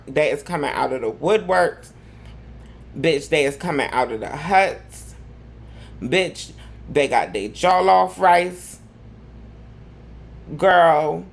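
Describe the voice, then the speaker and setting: Slow, gravelly sassy male gossip host. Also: fairly high pitch. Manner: sassy, campy, drawling slang. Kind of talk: live gossip commentary.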